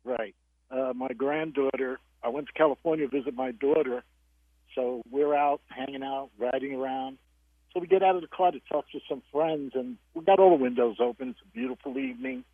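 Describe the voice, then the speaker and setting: An older man calls in with a story about his granddaughter, his voice husky and lively as he swings up into a child's voice for the quotes. He comes through a thin, phone-like line. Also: mid-range voice, dry recording. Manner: animated, mimics a child's voice. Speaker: caller. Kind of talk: telling a funny family story.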